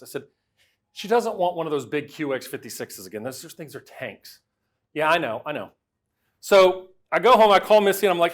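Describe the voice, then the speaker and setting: A middle-aged man gives a lively storytelling talk, swinging between loud and quiet as he acts out the voices he quotes. His voice is on the high side and his pace is quick.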